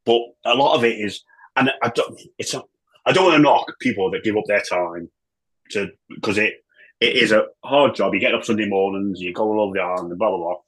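A man, a former footballer and manager, chatting as a podcast guest in an animated, rambling way, full of restarts and the odd swear. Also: on the low side, a little fast, husky, low-quality recording. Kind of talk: casual chat.

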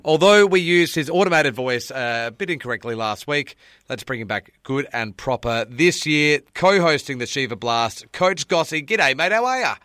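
A young man hosts a podcast with an upbeat, joking delivery and a bright, forceful voice. He sounds dry and close to the mic, with no room around him. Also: a little high, lively intonation, smooth, no echo. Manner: upbeat, jokey, quick asides. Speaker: podcast host. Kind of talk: casual podcast chat.

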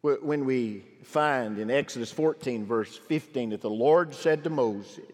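A middle-aged male pastor preaching a sermon, swinging from emphatic calls to quiet, low asides. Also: measured pace, hardly any pauses. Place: large church sanctuary. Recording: long hall reverb.

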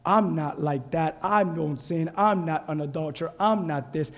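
A man's voice: fairly high pitch, moderate pace, voice pushed down, close to an everyday voice. A man voicing a smug, self-righteous Pharisee who boasts about his own goodness, in a church with a long echo. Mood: boastful.

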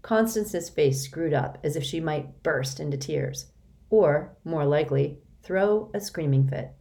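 A woman narrating a children's novel in a steady, expressive reading. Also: deep voice, measured pace, vocal fry. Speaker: audiobook narrator. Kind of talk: storybook narration.

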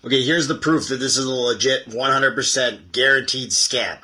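Canadian guy rambling on camera, um and uh a lot, real sharp bright tone. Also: medium pitch, normal speed, rough recording. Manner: hesitant, many fillers and restarts. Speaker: online commentator. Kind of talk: casual video commentary, reading a statement.

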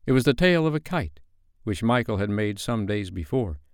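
A man with a smooth, lowish voice reads a bedtime story in a measured, gentle way. The recording is close and dry. He shapes each sentence with care. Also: expressive, dry recording.

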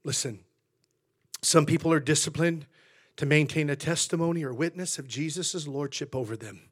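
A male American pastor preaching a sermon, moving between quiet asides and loud, emphatic declarations, with a folksy storytelling manner. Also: a little high, normal speed, breathy edge.

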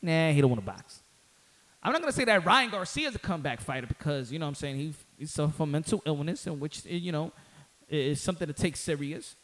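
Talking about boxing on his own, a man with a high voice riffs casually at a quick, expressive pace. Slang runs through his commentary, he repeats lines to stress them, and he heats up into loud outbursts.

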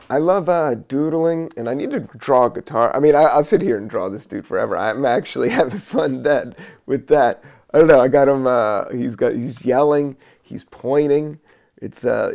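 Slow, gravelly laid-back man. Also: medium pitch. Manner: laid-back, slow, musing with many fillers and laughs. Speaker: podcast host. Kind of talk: rambling solo podcast while doodling.

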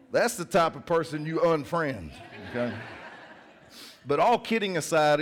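A middle-aged man preaching a sermon in church as the pastor, telling jokes and stories in a casual, chatty way. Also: fairly high pitch. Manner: casual, joking storyteller.

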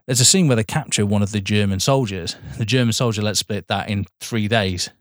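A man's voice: fairly low pitch, brisk, dry recording, clean studio sound. A man co-hosting a podcast, chatting casually and rambling through opinions with frequent laughs. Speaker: podcast co-host. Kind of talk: casual chat.

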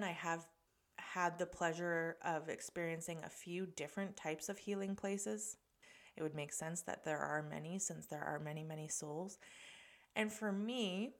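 Low-voiced woman chatting on a podcast. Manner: chatty and earnest, with soft laughs and restarts. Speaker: podcast host and medium. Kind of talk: casual podcast monologue.

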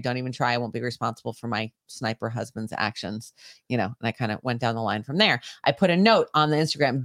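A woman's voice: very deep voice, no room sound, clean studio sound. A middle-aged woman co-hosting a podcast, chatting casually, laughing often and swearing through heated rants. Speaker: podcast co-host. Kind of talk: casual banter.

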